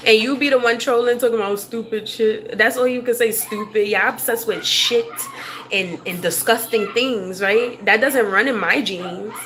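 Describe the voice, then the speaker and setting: A woman's voice: on the high side, normal speed, a bit bright. A woman livestreaming, ranting to her chat in a blunt, profane way and laughing often. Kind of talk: casual livestream rant to chat.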